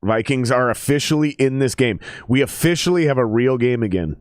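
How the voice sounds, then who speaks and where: A man chatting casually on a live stream while watching football, loose and profane, jumping into excited play-by-play. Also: medium pitch, a little fast, dry recording, studio quality. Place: table at home.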